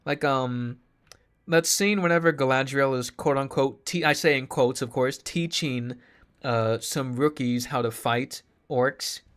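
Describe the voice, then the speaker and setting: A man's voice: mid-range voice, a bit bright, clean tone. Sarcastic swearing man ranting casually. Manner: sarcastic, swears freely, laughs often. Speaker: streamer. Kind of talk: casual rant to stream chat.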